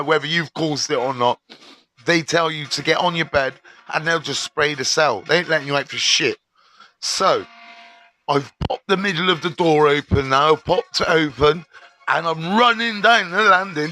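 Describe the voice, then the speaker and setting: A middle-aged man spins a prison tale live to his viewers, swearing freely and dropping street slang. His voice sits high for a man and comes across bright and sharp. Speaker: live-stream host. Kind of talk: storytelling on a live stream.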